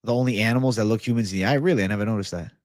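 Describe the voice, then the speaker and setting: A young man hosting an MMA livestream, chatting casually and reading comments in a profane, excitable bro style. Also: fairly low pitch, rapid-fire, no echo, studio quality. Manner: profane, excitable, laid-back bro talk.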